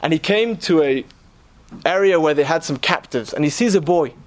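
A man's voice: on the high side, lively intonation, moderate pace. A man preaching, telling a story earnestly and posing rhetorical questions to his listeners. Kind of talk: sermon storytelling.

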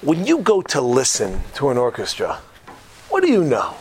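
A man's voice: mid-range voice, big pitch swings, normal speed, a little mellow, a little hiss or hum, lightly acted. A man voicing a proud older orchestra conductor who talks curtly and commandingly. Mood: lecturing. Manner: curt, commanding. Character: proud old male orchestra conductor, curt and exacting.

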